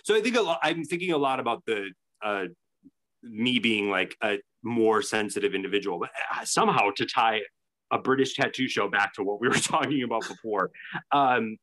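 A man's voice: fairly low pitch, expressive, normal speed, bright, forceful tone. A man co-hosting a podcast, telling a story in casual chat with many restarts. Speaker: podcast co-host.

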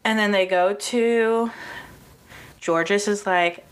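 A woman casually chatting as podcast co-host, telling a story with lively acted-out quotes, frequent laughter and swearing. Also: mid-range voice, takes it slowly. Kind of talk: casual chat recapping a TV episode.

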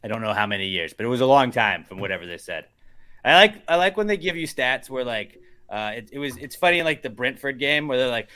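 Bright-voiced man ranting casually. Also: medium pitch, big pitch swings, fast talker. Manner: ranting, rambling, many fillers. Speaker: podcast co-host. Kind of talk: casual chat.

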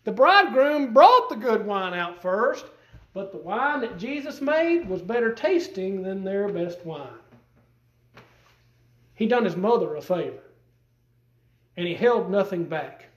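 A man's voice: high voice, very animated, measured pace, long pauses. A man preaching a sermon in a folksy, emphatic way, with rising bursts, to a church congregation. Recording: echoey room.

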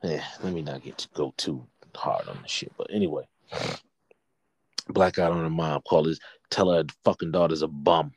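A man in his thirties telling a story in a casual, profane, animated chat, worked up and blunt. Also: a bass voice, moderate pace, vocal fry, breathy edge, no room sound, clean studio sound.

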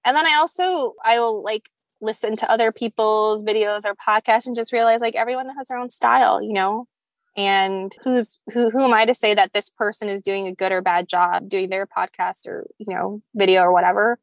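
A woman's voice: medium pitch, fairly even intonation, normal speed, no echo. A young woman guest on a podcast, talking in a girly valley-girl way with lots of "like" and "you know". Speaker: guest, skincare founder. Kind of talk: casual podcast interview.

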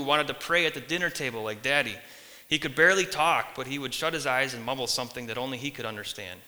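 Guy preaching a sermon, super bright punchy voice, lots of reverb like a church hall. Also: mid-range voice. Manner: earnest, emphatic preaching with lists and pauses. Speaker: pastor.

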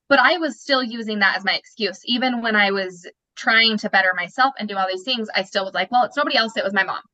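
A woman's voice: on the high side, bright, forceful tone, low-quality recording. A young woman telling her personal story as an interview guest, candid and emotional, often restarting her sentences.

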